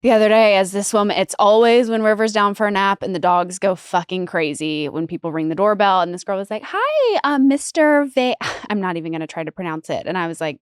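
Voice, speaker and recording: A woman's voice: medium pitch, fairly even intonation, fast, few pauses, smooth, no room sound, clean studio sound. A woman co-hosting a podcast, telling stories bluntly and animatedly in casual chat. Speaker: podcast co-host.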